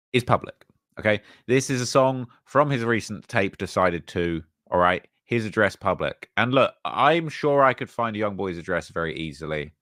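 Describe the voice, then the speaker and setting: A man's voice: mid-range voice, a bit bright, no echo, studio quality. A man hosting his channel, giving casual commentary on news and repeating himself with fillers. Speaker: channel host.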